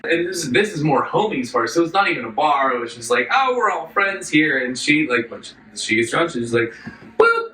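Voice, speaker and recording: A man's voice: fairly high pitch, animated, a little fast, hardly any pauses, pushed and bright. A man co-hosting a casual podcast, telling a rambling story, acting out quotes and laughing a lot. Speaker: podcast co-host. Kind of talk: casual chat. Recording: echoey room, mic at a distance.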